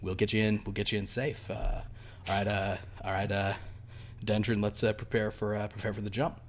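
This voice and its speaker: A man's voice: lowish voice, little pitch movement, fairly quick, voice pushed down, natural voice. A man voicing a casual male starship captain making intercom announcements. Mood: announcing.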